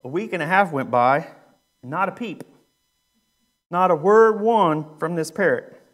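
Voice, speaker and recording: High-voiced young man preaching casually. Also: measured pace, a bit bright. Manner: conversational, joking, with frequent fillers. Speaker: youth minister. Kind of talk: sermon with a humorous story.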